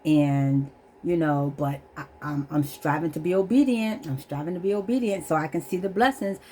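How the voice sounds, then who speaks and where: A woman's voice: low-pitched, moderate pace, darkish tone, a little hiss or hum. A middle-aged woman telling a candid, earnest personal testimony about her struggles, repeating herself and holding back tears. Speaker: vlogger.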